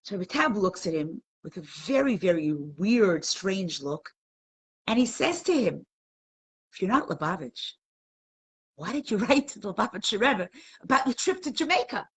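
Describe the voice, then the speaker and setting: Middle-aged woman teacher, husky voice, lively pitch, emotional, asks her online viewers questions. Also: moderate pace. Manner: emotional, questioning the audience, storytelling. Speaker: Torah class teacher. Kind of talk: live online class talk.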